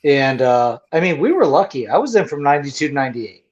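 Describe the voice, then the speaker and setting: A man in his forties, a Marine veteran, telling profane, lively service stories in casual bar-room chat. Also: mid-range voice, fast. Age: 40s. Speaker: podcast host, Marine veteran. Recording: lo-fi muffled audio.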